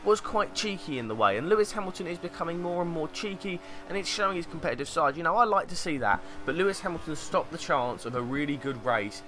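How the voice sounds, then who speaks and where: A man's voice: a little high, expressive, fast talker, few pauses, sharp tone. A young man with a sarcastic, mocking manner, reading out fan tweets and commenting on them in a casual way. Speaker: YouTube commentator.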